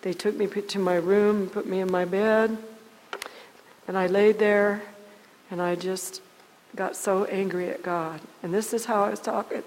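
A woman telling a personal faith testimony in a halting, earnest way, often repeating her words as she goes. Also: medium pitch, steady tone, a little mellow, in a large hall, low-quality recording. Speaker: guest sharing testimony.

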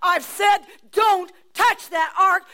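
A woman voicing God as a stern, fed-up male figure who scolds loudly. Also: very high voice, slow pace, pitched above the performer's own voice, full character voice. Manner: scolding, emphatic, raised voice.

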